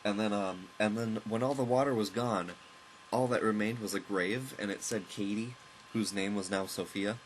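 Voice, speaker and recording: Low-voiced man rambling through a story. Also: normal speed, a little hiss or hum, low-quality recording. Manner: rambling, with chuckles and asides to the game. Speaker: let's play host. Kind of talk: casual storytelling over gameplay commentary. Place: at home, with a loud pet bird nearby.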